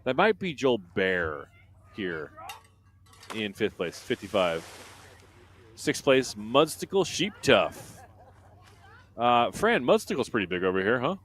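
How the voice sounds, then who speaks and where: A man's voice: medium pitch, very animated, slow, long pauses, a bit bright, slight background noise. A man doing live race commentary from a booth, reading out team standings and viewer comments in a chatty way.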